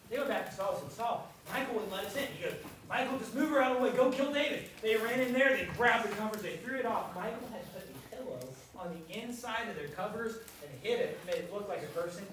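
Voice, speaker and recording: A man leading a kids church sermon, telling stories with animated quoted voices and quizzing the children. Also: high voice. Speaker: children's pastor. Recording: very echoey room, voice from far off, noisy.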